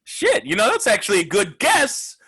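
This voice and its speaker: A man plays a loud, foul-mouthed gambler hosting a sports show, ranting with a husky edge. His voice sits high for a man and swings wildly up and down, pushing every insult hard. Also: wildly swooping pitch, normal speed, heavily acted. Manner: loud, ranting, profane, mocking. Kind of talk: comedic sports rant.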